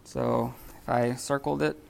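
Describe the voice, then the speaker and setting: A man teaching a live Greek grammar class, talking in a halting way with many fillers and restarts. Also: mid-range voice, level tone, creaky, a little mellow.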